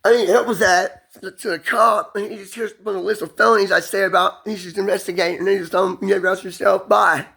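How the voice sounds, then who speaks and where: A man in an intense, rambling personal monologue, emphatic and profane, often rushing and restarting his sentences. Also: high voice, fairly even intonation, creaky, bright, forceful tone, husky.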